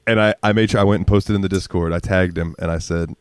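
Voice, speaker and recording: A man's voice: sits low, steady tone, fast talker, slight background noise. A man telling rambling, profane stories as a podcast co-host, laughing often. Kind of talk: casual storytelling chat.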